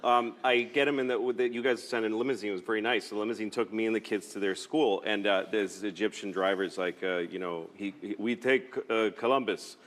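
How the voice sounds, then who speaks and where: A man's voice: fairly low pitch, fairly even intonation, fast talker, hardly any pauses, a bit bright. A man in his forties telling a rambling, self-deprecating comic story as a talk show guest, acting out voices along the way.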